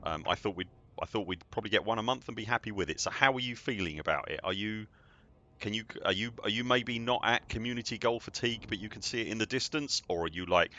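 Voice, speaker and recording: Deep-voiced, jokey streamer. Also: male voice, sharp tone. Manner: chatty, rambling and jokey. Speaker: game streamer. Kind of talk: casual livestream chat. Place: at home.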